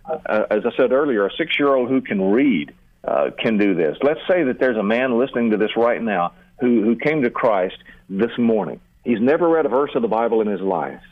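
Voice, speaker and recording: Older male seminary teacher, earnest mid-pitched explainer, restarts his sentences, narrow phone-quality radio sound. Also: very animated, moderate pace, no echo. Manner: earnest, repeats words when starting sentences. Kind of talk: teaching on prayer in a radio interview.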